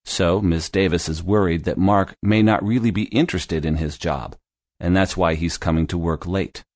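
A man narrating a scripted English lesson, explaining grammar in a clear, deliberate way. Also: deep voice, steady tone, darkish tone, no room sound, studio quality. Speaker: English teacher.

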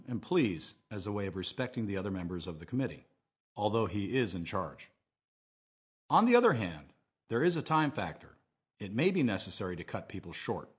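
Low, husky-voiced male teacher. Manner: clear, measured, modelling phrases for repetition. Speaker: English teacher narrator. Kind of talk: scripted lesson narration.

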